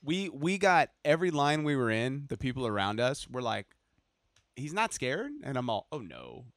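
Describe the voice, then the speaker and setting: A man's voice: mid-range voice, sing-song, moderate pace, a bit bright, no echo, studio quality. A man telling stories in casual chat, swearing freely and acting out what people said. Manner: swears freely, acts out quoted voices.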